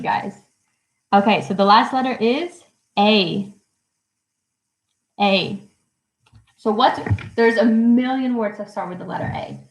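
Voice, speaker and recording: A young woman teaching English poetry to children in a live online lesson, speaking slowly and clearly and cheering them on. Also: mid-range voice, reverberant, poor audio. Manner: encouraging, slow and clear, counting syllables aloud. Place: at home.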